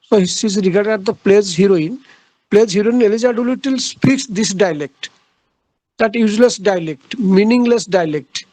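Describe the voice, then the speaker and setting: A man giving a literature lecture, speaking haltingly, pausing often on "uh" and repeating his key phrases for emphasis. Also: high-pitched, a little mellow, no room sound, poor audio. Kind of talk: classroom lecture.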